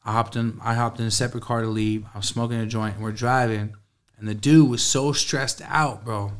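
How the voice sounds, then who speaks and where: A man's voice: medium pitch, fairly even intonation, moderate pace. A man, a guest telling a casual, streetwise story full of profanity. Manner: streetwise, profane, laid-back.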